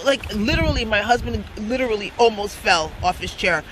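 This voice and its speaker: A woman's voice: a little high, moderate pace, hardly any pauses, heavy background noise. A woman telling a story in a casual vlog, chatty and slangy, laughing often. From United States. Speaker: vlogger.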